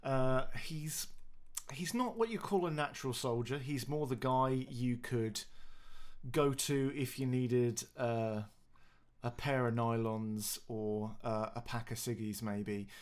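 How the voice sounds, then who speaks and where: A man's voice: mid-range voice, slow, smooth. A man playing in a tabletop game, describing his character in a joking, hesitant way with many fillers. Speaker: player. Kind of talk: casual chat at a tabletop game.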